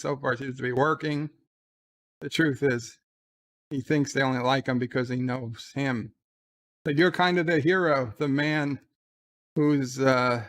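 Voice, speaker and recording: A man's voice: medium pitch, fairly bright tone. A man giving casual live commentary while watching a show. He hums theme music, then recaps scenes in loose, stumbling quoted dialogue. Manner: loose, rambling, stumbles and restarts.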